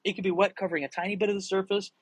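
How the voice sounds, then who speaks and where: Excitable young man rambling on a livestream. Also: sits high, racing, slightly rough, dry recording, poor audio. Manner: rambling, excitable, swears freely. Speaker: livestream host answering viewer questions. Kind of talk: casual live chat.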